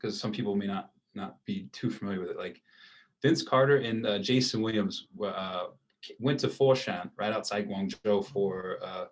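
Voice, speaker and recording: A low-pitched American man in his thirties tells a story in a loose, easygoing way. He wanders through his sentences with plenty of fillers, like a guest chatting with a host. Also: normal speed, low-quality recording. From United States. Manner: relaxed, rambling with many fillers. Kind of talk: casual storytelling interview.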